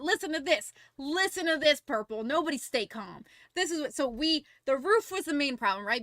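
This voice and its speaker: A young woman streaming, chatting casually and telling a rambling, animated story full of fillers. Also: high-pitched, dry recording, clean studio sound. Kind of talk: casual livestream chat and visual novel read-along.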